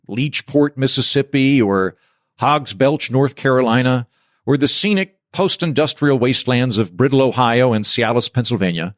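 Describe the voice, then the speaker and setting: A man's voice: medium pitch, no room sound, studio quality. Wry man hosting a podcast. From United States. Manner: wry, sardonic delivery. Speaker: podcast host. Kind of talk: scripted monologue.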